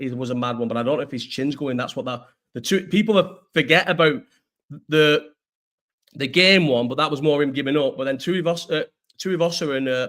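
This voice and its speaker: A young man streams live with a medium-pitched, fairly bright voice, chatting casually as he reacts to chat. He rambles, uses slang, swears freely, and answers his viewers' questions.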